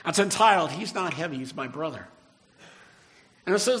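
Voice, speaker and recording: Earnest older male pastor, high voice. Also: lively intonation, a bit bright. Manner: earnest, rises in emphasis, slows on key phrases. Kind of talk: sermon.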